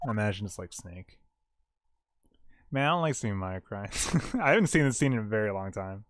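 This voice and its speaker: A man streaming a story game, chatting casually with laughing asides and some swearing while his voice grows strained and hoarse. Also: on the low side, expressive, fairly quick, slight background noise. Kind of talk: casual game commentary and read-aloud. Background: game music.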